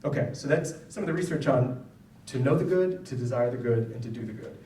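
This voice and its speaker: In a school event hall, a male psychologist gives parents a public lecture built on personal stories, speaking conversationally and frequently asking "right?". His voice sits at medium pitch, expressive, fairly quick and warm, with slight background noise. The mic is distant, so the sound is roomy with faint ambience.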